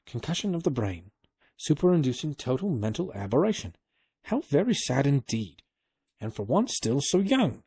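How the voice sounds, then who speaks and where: A man voicing a timid, anxious old male secretary who talks in an excitable, fretful way. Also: medium pitch, moderate pace, husky, dry recording, clean studio sound, voice pushed up.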